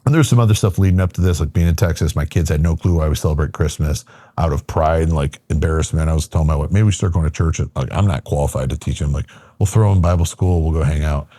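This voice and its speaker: A man's voice: very deep voice, fast, dark tone, no room sound. A middle-aged man from Michigan, a podcast guest, telling a personal story casually with lots of fillers and acted-out quotes. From Michigan, USA.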